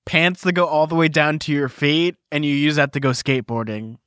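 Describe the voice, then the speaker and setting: A man co-hosting a casual book podcast, talking in an animated, jokey way. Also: a little high, brisk, smooth, no echo, clean studio sound. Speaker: podcast co-host.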